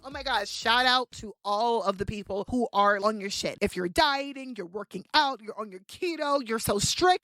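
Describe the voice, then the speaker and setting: A woman's voice: high-pitched, fairly bright tone, no echo. A woman hosting a solo podcast, talking brashly and playfully, swearing freely and laughing often. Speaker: podcast host.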